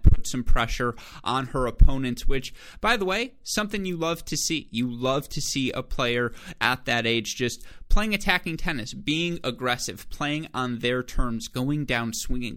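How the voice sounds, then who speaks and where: Energetic man giving tennis betting picks. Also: medium pitch. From Michigan. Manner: energetic, stat-heavy, self-correcting delivery. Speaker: sports betting host.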